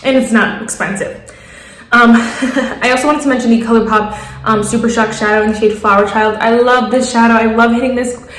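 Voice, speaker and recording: A woman's voice: on the high side, fairly even intonation, fairly quick, fairly bright tone, reverberant, a little hiss or hum, rough recording. A young woman reviewing her favorite makeup in a casual, gushing way, piling up praise and laughing often. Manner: gushing, enthusiastic, repetitive praise with frequent laughs. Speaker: beauty vlogger.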